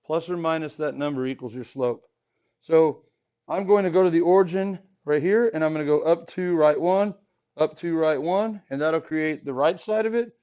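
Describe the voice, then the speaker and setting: A man teaching math to a classroom, his voice a little high for a man. He talks casually, cracks small jokes and keeps asking the class questions. The recording is dull and lo-fi, as if taken from the back of the room. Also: moderate pace, mellow. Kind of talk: classroom lesson.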